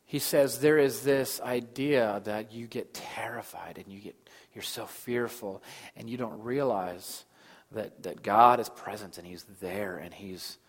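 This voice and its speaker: A man in his thirties preaching a sermon as pastor, moving between loud emphasis and soft, hushed lines. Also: on the low side, a little slow. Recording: long hall reverb.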